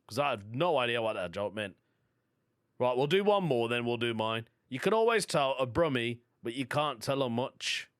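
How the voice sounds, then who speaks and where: A man's voice: medium pitch, fairly bright tone, dry recording, clean studio sound. A man with a Birmingham accent hosting a solo comedy podcast, chatty and self-amused, reading jokes aloud and laughing at them. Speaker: podcast host.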